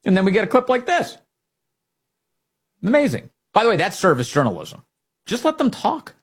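A man hosting a political talk show, animated and sarcastic, often mocking opponents. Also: sits high, moderate pace, husky. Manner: animated, sarcastic, mocks opponents in put-on voices. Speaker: radio show host.

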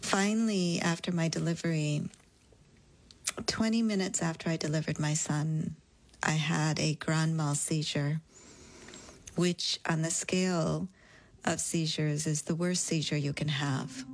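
Female guest, deep voice, soft reflective personal account. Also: fairly even intonation, unhurried, rough recording. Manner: quiet, reflective, at times near a whisper. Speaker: interview guest.

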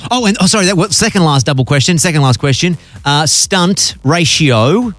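A man's voice: a little high, expressive, moderate pace, fairly bright tone, soft background music. A man with an Australian accent hosting a radio interview, upbeat and chatty, joking with his guest. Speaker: radio show host.

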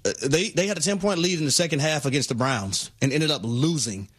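Sports radio co-host dude, kinda high voice, measured, says things twice for emphasis. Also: male voice, a bit bright, breathy edge. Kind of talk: sports talk radio analysis.

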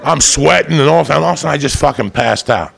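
A man telling a profane stand-up story, rowdy and swinging into loud high-pitched outbursts. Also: fast, vocal fry, a crowd in the background. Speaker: comedian. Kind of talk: stand-up storytelling to a live audience.

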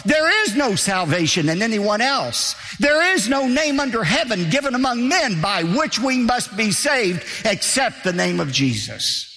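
In a big hall with long, ringing reverb, a male pastor delivers a sermon a little slowly and with hardly any pauses. His high voice is bright, forceful, and emphatic, leaping up and down as he hammers key phrases through repetition.

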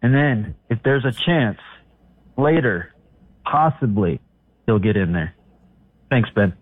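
A man's voice: on the low side, expressive, slow, slightly rough, dry recording. A man calling into a radio show, rambling and hedging as he shares his opinion. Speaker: caller. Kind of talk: casual call-in radio banter. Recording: tinny dry phone line.

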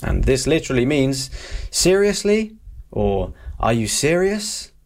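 A man's voice: mid-range voice, very animated, a little slow. A man teaching vocabulary in a casual video lesson, often checking in with "okay?" as he explains. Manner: friendly, repeats "okay?" to check in. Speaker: language teacher.

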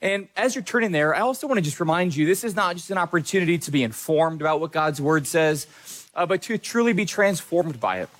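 A man's voice: fairly high pitch, expressive, fairly quick, a bit bright. A male pastor giving a sermon in an earnest, conversational way, with small fillers and restarts.

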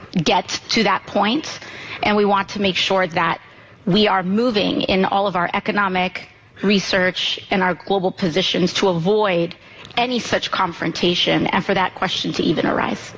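A woman politician answering a question haltingly, with many fillers and restarts. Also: mid-range voice, fairly even intonation, a bit bright. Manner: hesitant, full of fillers and restarts. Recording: dull clip with faint background noise.

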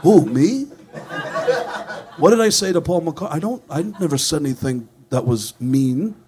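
A boastful middle-aged rock star who drawls out every plug in a slow, deadpan sales pitch, as a male comedian puts him on. The voice sits fairly high for a man and has an odd, altered timbre. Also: natural voice. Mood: baffled. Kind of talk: stand-up comedy impression.

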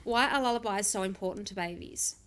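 A woman conducts an interview with short, direct questions. Her voice sits at an ordinary middle pitch. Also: a little fast, fairly bright tone.

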